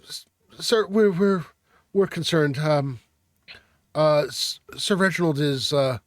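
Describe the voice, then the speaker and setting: A man puts on an impatient young woman squire in a tabletop role-play. She talks quickly, with an exasperated edge, in a lifted pitch. The recording is dry and close. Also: no room sound. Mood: worried.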